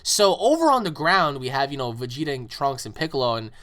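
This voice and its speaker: A man casually retelling an action story, rambling and filling pauses with fillers. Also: medium pitch, big pitch swings, fairly bright tone. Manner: rambling, filler-heavy with "you know".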